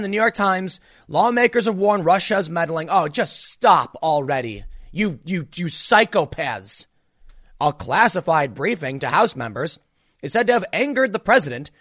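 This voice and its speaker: A man delivers solo political commentary in an exasperated, ranting way, stumbling over restarts as his frustration spills out. His voice sits a little high for a man. It is recorded close and dry, with no room sound at all. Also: a bit bright, no echo.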